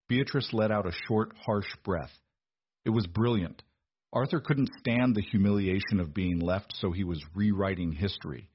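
A man narrating an audiobook in an even, measured storytelling manner. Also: lowish voice, breathy edge, muffled recording.

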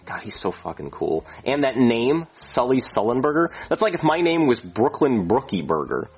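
A man's voice: medium pitch, very animated, normal speed, husky. A man playing a reckless, foul-mouthed airline pilot who brags and rambles. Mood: boastful. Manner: boastful, rambling, swearing. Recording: slightly muffled lo-fi audio.

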